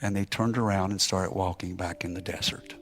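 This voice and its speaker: A man preaching as a missionary, telling a story emphatically, rising to shouts and falling to near whispers. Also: low voice, steady tone, brisk, over music. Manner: emphatic, climbing to shouted exclamations, then dropping to a hush. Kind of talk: sermon storytelling.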